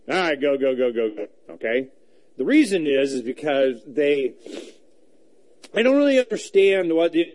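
A man hosts his talk show while traveling, wandering through an anecdote with plenty of fillers and false starts. His voice sits a bit high and swings around animatedly, never settling into a flat delivery. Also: normal speed. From United States. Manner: rambling and animated, full of fillers and restarts. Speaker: radio talk show host. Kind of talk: casual talk show monologue. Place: on the road, traveling.

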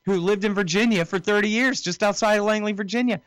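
A man joining a talk radio show as a guest, explaining political events in a measured, hedging way. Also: high-pitched, fairly bright tone, clean tone, no room sound. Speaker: guest commentator. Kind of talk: conversational political analysis.

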